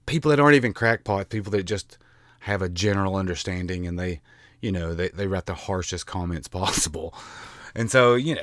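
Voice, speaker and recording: Here a Southern-accented man from the American South vlogs in a low, fairly bright voice, recorded at studio quality with no echo. He's colloquial and self-deprecating, rambling along with many restarts and some mild cursing as he talks to the camera.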